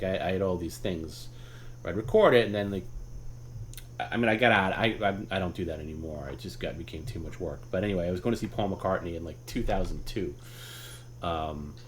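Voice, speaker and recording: Low-voiced man rambling through a story. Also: slight background noise. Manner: rambling, with many restarts and laughs; swears casually. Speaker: host. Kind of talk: casual storytelling on a live stream.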